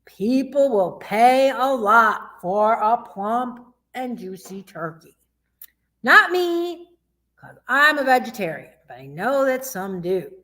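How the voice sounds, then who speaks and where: A woman youth librarian from Michigan runs a children's story time, with a bright, higher voice that swoops up and down. She talks slowly and in a sing-song way, asks the kids questions and makes animal sounds. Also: expressive.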